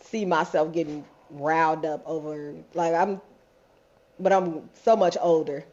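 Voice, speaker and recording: A woman's voice: low voice, unhurried. Laughing storyteller woman, lo-fi audio. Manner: lively, laughing storyteller, talks candidly. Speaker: podcast co-host. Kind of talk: casual chat, storytelling. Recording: dull lo-fi podcast audio.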